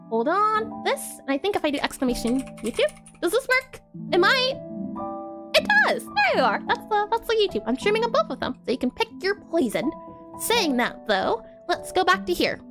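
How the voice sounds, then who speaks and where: A woman live-streaming her game coding, thinking aloud as she types, spelling words out and answering her chat in a casual, chatty way. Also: very high-pitched.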